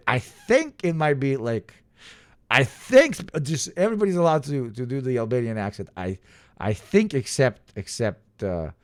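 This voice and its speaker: A man's voice: medium pitch, no echo, studio quality. A man streaming live and reacting to clips, talking in a profane, joking, ranting way. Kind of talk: casual livestream commentary.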